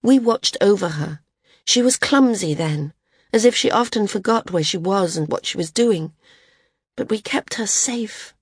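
A woman's voice: mid-range voice, lively intonation, unhurried, slightly rough, no room sound, clean studio sound. A woman voicing an impatient young woman flyer who speaks heatedly and accusingly.

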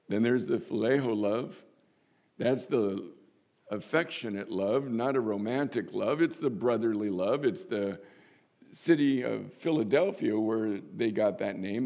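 An older man preaching a sermon as pastor, folksy and humorous, with sudden lifts in pitch for emphasis. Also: gravelly, darkish tone.

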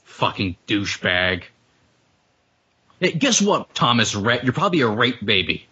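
A man's voice: mid-range voice, sing-song, unhurried, sharp tone, husky, highs cut off. A man co-hosting a casual podcast chat, ranting with lots of swearing and frequent laughter. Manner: profane, ranting, laughs often. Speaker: podcast co-host.

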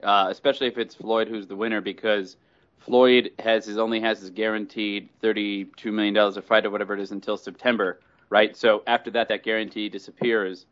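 A man co-hosts a chat show, working through an argument step by step in a measured way. His voice sits on the low side. The audio is dull and lo-fi. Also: level tone, fairly bright tone. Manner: measured, reasoning aloud. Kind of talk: casual chat.

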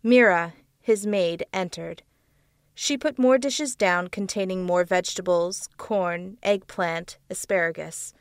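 Slow, gravelly woman narrating a story. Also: fairly low pitch, no echo, studio quality. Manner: slow, measured reading. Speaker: audiobook narrator.

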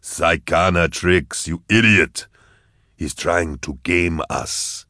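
A man's voice: sits low, takes it slowly, pushed and bright, no echo, studio quality, full character voice. A man voicing a sneering, short-tempered mobster boss who snaps at his crew. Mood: contemptuous. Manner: snapping, contemptuous.

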